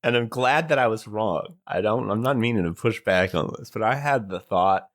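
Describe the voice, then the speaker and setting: A man's voice: fairly low pitch, normal speed. A man who is a guest player in a tabletop role-play podcast, talking in a playful, casual way and swearing now and then.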